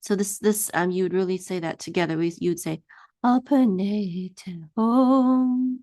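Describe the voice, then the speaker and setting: A woman teaching a one-on-one Hebrew reading lesson, patiently singing each word out slowly for her student to repeat. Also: lowish voice, fairly even intonation, darkish tone, no room sound, clean studio sound.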